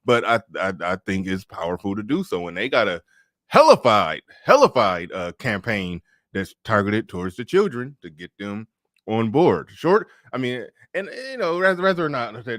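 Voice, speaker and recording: A man hosting a casual political podcast, talking loosely with plenty of profanity and quick laughs. His voice sits at a middle pitch and sounds close and dry, with no room around it. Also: big pitch swings, fairly bright tone, no room sound. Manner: loose, profane, laughs often, many restarts. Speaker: podcast host.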